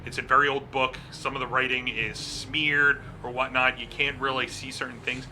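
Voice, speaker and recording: Bright-voiced man running a tabletop game. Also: mid-range voice, level tone, normal speed, a little hiss or hum. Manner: casual, laughing, swears. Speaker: game master.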